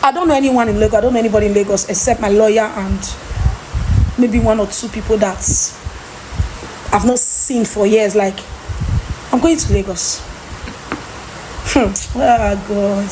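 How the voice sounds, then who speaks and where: A woman with a Nigerian accent, telling an animated personal story with exasperation and mimicking others in Pidgin. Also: mid-range voice, a little fast, background noise. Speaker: trader telling of lost goods.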